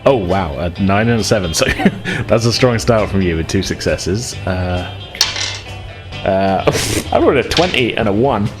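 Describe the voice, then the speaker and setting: A man running a tabletop game as game master, relaxed and chuckling, with lots of fillers. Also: fairly low pitch, unhurried, music in the background.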